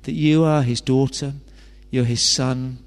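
A man's voice: mid-range voice, fairly even intonation, measured pace, clean tone. A man preaching a sermon, chatty and full of rhetorical questions and joking asides. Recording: long hall reverb.

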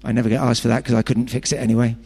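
A man's voice: medium pitch, flat delivery, rapid-fire, gravelly, darkish tone, husky. A man preaching a sermon, chatty and full of rhetorical questions and joking asides. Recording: long hall reverb.

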